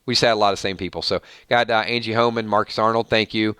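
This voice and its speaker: A man hosting a casual livestream, chatting loosely and rattling off supporters' names with quick thank-yous. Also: fairly low pitch, fairly even intonation, sharp tone, clear, resonant tone, no echo, clean studio sound. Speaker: livestream host.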